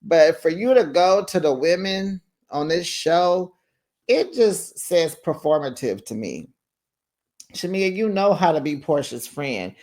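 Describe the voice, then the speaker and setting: Man, higher-pitched voice, sassy gossip, reality TV recap host, casual slangy commentary.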